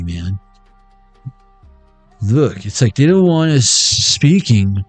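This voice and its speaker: A man rambles and jokes through a tarot reading on a livestream, cussing freely as he goes. His voice sits at a mid pitch and sounds dry and close. Faint music plays in the background. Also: big pitch swings, slow, pauses often, no echo. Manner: joking, rambling, swears freely. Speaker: tarot reader.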